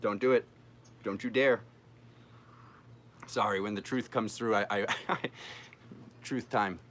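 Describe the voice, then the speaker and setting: A man's voice: fairly low pitch, steady tone, measured pace, a bit bright, a little hiss or hum. A man hosting a live-streamed tarot reading, chatting playfully and joking with his viewers as he works through the cards.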